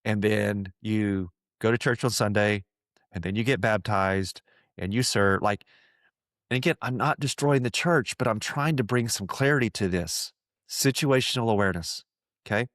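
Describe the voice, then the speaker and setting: A man's voice: on the low side, moderate pace, a bit bright, no echo. Guy hosting a faith podcast, earnest, keeps repeating himself, dry close mic sound. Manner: puts on voices to quote people. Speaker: podcast host. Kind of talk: reflective faith talk.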